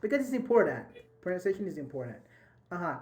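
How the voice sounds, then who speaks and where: A man's voice: sits high, sing-song, quick pace, a little mellow. A man teaching a live online English grammar class over a video call, encouraging his students and repeating and rephrasing each point.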